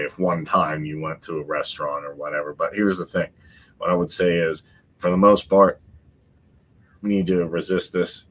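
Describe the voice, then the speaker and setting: Deep-voiced man ranting on a podcast. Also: fairly bright tone, husky. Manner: emphatic, repeats points, mocking asides. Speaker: podcast host. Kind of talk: opinionated podcast commentary.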